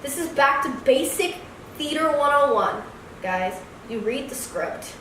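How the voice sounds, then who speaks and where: A woman's voice: high voice, measured pace, a little hiss or hum. A woman co-hosting a movie review podcast, talking bluntly and with strong opinions. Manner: blunt, opinionated, animated with mock voices. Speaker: podcast co-host. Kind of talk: casual movie review chat. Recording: echoey room, distant mic.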